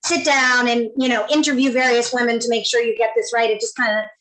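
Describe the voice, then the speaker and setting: A woman's voice: fairly high pitch, little pitch movement, quick pace, a bit bright, rough recording. A woman hosting an author panel over video, asking long, chatty, rambling questions. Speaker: panel host. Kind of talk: moderating a panel.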